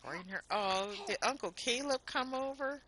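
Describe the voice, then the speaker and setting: A woman with a fairly high voice and lively intonation streams herself playing a life-sim game at a normal speed, giving casual commentary. She chats away and scolds the characters in an exasperated, talkative way, over a noisy background.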